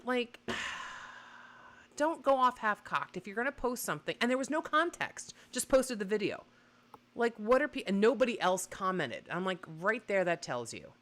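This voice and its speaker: A woman co-hosting a radio talk show, ranting in casual chat with lots of laughter and swearing. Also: mid-range voice. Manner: animated, profane, laughs often.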